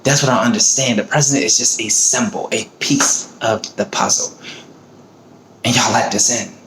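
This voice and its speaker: A man's voice: medium pitch, fairly even intonation, moderate pace, a bit bright, slight background noise. A man on his own video giving a heated, profane, emotional rant about politics. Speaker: vlogger. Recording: roomy echo, faint ambience.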